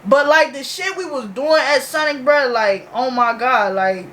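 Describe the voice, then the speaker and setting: High, bright-voiced young woman ranting casually. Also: a little slow. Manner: loose, profane slang-heavy storytelling. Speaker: reaction video host. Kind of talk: casual reaction vlog.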